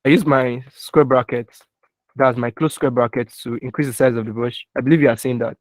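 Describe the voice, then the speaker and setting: This young man's voice is mid-range, steady and a little fast, recorded dry on a computer mic with keyboard taps in the background. He's teaching a live online design class, carefully spelling out shortcuts and regularly checking that students are with him.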